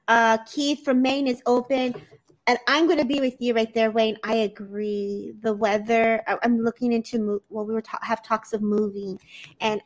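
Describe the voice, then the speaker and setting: A woman with a slightly high, fairly level voice speaks at a moderate pace. She is a psychic medium hosting a live psychic chat over a video call, gushing effusively and emotionally in a casual live-stream style.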